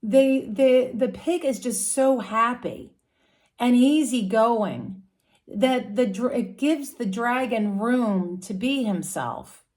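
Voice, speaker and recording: A woman's voice: on the high side, slow, a little mellow. A woman explaining astrology casually, as a story about animal characters.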